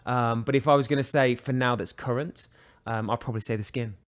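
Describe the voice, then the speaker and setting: A man's voice: mid-range voice, fairly even intonation, brisk. A man with a British accent, talking as a guest on a casual podcast in a chatty, enthusiastic way with frequent restarts. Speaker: guest, watch brand director.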